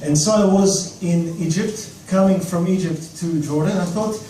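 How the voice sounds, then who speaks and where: A man in his thirties from Australia tells a story live in a cafe, lively and self-mocking. His voice is high and mellow. The sound is very echoey and distant, with faint room noise. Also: normal speed, few pauses. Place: cafe stage.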